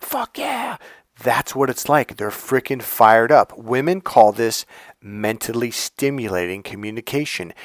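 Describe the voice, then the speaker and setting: A man giving casual dating advice as a coach, telling lively stories and acting out the people in them, blunt and a bit crude. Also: medium pitch, no room sound, studio quality. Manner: animated storyteller who acts out the people he quotes. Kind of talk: casual motivational monologue.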